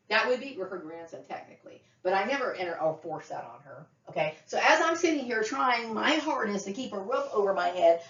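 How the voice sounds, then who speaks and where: A female vlogger with a mid-range, fairly bright voice vents to the camera in a profane, agitated personal rant, stumbling over restarts and flaring into outbursts. The sound is roomy, distant, dull and lo-fi.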